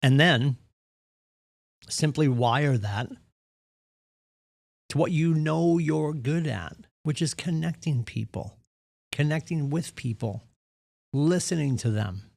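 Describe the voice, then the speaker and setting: A man's voice: on the high side, slow, gravelly, pauses often, darkish tone, no echo, clean studio sound. A man leading a real estate team's morning meeting, giving an earnest, punchy motivational talk and acting out the excuses people make. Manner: earnest, punchy, acts out quoted voices. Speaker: real estate team leader.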